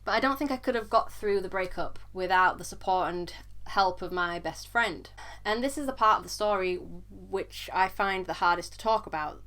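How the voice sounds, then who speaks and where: A young woman vlogger with a bright, forceful, mid-range voice tells a personal story. She speaks earnestly but haltingly, sometimes repeating words as she struggles to continue.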